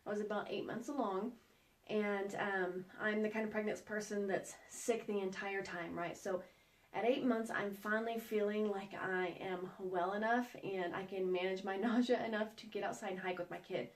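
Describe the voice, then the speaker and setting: A woman in her forties, an outdoor educator, giving a casual how-to talk and telling a personal story in a chatty, animated way with light laughs. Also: mid-range voice, normal speed.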